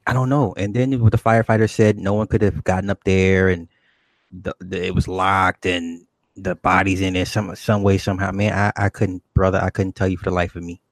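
A man's voice: low voice, little pitch movement, brisk, vocal fry, no room sound. An American man hosting a live stream, talking loosely in a rambling, casual way, swearing often and calling his guest brother.

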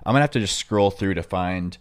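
Young male podcast host with a New York accent, lowish voice, rambling and loose with sudden loud bursts. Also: quick pace, clean tone. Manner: rambling and filler-heavy, breaking into loud excited outbursts. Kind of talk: casual chat.

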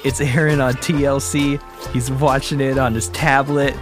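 A man's voice: normal speed, music in the background. A man improvising a comedic story, acting out characters with big jumps in his voice. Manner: animated, acts out characters with big pitch jumps.

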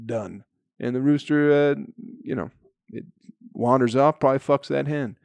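A man's voice: mid-range voice, moderate pace, gravelly, a little mellow, clear, resonant tone, dry recording. Male podcast comedian; loose, profane storyteller with a mid-range voice and a dry sound. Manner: profane, rambling storytelling with frequent fillers. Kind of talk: casual comedic monologue.

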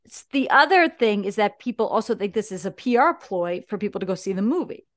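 A woman's voice: medium pitch, lively intonation, brisk. A young woman co-hosting a podcast in casual chat, fillng her talk with "like" as she explains and defends her view. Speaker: podcast co-host.

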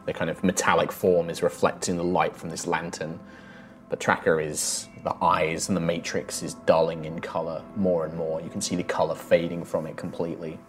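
A man's voice: low voice, flat delivery, moderate pace, soft background music. A man acting as game master, narrating a tabletop game with frequent ums and restarts. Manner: hesitant, filler-heavy narration.

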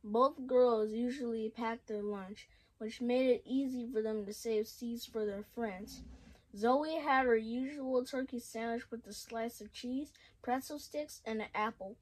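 A woman's voice: on the high side, a little mellow, poor audio. A woman reading a children's story aloud, stumbling and restarting words as she goes. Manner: halting, frequent restarts and self-corrections. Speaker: story reader.

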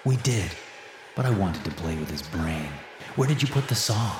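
A man's voice: deep voice, lively intonation, moderate pace, reverberant, far from the mic, background noise. A man voicing a possessed young woman in a horror story, taunting in a sing-song way. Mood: eerie.

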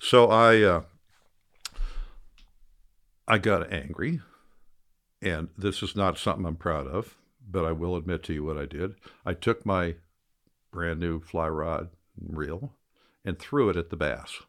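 A man's voice: sits low, unhurried, pauses often, a bit bright. An older man, a fly fisherman, telling rambling, self-mocking anecdotes in a casual interview. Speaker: guest.

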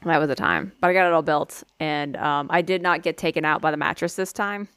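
A woman's voice: deep voice, steady tone, brisk, fairly bright tone, smooth, no echo. A woman in casual chat, telling rambling, profane stories with lots of animation.

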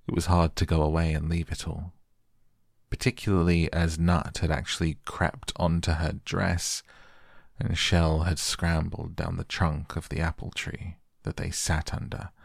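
Deep gravelly man reading a bedtime story. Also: level tone, dry recording, studio quality. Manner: gentle and unhurried. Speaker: audiobook reader. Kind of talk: soft bedtime audiobook narration.

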